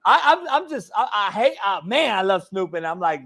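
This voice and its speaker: High-voiced rambling profane man. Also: very animated, normal speed, creaky, fairly bright tone. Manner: profane, rambling, joking with stammered restarts. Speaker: show host. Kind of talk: casual sports talk banter.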